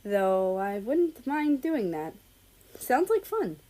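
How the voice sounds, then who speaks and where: A woman reads a calm, easygoing man from a storybook. His lines come soft and relaxed, slow and mellow, never pushed. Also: on the high side, rough recording. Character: calm, easygoing male personified country.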